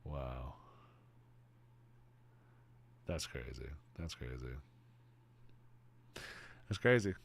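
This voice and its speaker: A young man streaming live, reading and answering chat in an excitable, casual way, swearing freely and calling everyone "bro". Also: extremely low pitch, takes it slowly, vocal fry, slight background noise.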